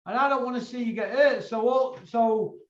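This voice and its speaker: A man's voice: very high-pitched, moderate pace. A man hosting a boxing chat show, blunt and lecturing, swearing freely. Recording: echoey, dull lo-fi room sound.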